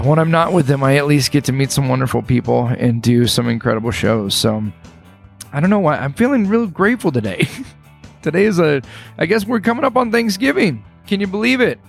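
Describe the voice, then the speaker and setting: A man in his thirties hosting a podcast, talking to listeners in an earnest, encouraging monologue with halting restarts, a little choked up. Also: mid-range voice, lively intonation, creaky, soft background music. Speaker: podcast host. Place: hotel room.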